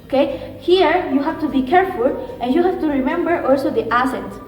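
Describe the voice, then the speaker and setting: Woman, high voice, slow patient language teacher. Repeats words for learners. Distant mic, roomy reverb. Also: lively intonation, a little mellow, soft background music. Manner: slow, patient, checks in with "okay?"; repeats words slowly for the viewer to echo. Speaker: Spanish teacher. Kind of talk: beginner language lesson.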